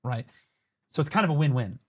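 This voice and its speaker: A man commentating a game on a livestream in a loose, casual way. He swears freely and mocks another player, breaking into laughter and shouts as the moment unfolds. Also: a little high, lively intonation, a little fast. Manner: profane, mocking, laughing. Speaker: streamer.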